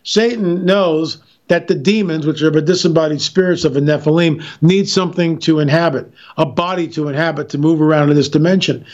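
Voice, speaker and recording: A man's voice: a little high, brisk, hardly any pauses, a little mellow, muffled recording. A man talking as an interview guest, telling stories emphatically with frequent restarts. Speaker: interview guest, filmmaker and author. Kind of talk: animated radio interview talk.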